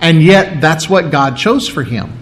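A preacher with a slightly high voice delivering an expository sermon. He explains words one at a time and leans hard on the important ones. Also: sing-song, a little slow, fairly bright tone, low-quality recording. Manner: explains word meanings step by step, restarts and stresses key words.

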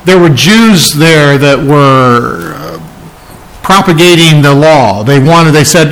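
A man preaching an expository sermon, emphatic and climbing higher in pitch when his delivery gets excited. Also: measured pace, poor audio. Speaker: pastor.

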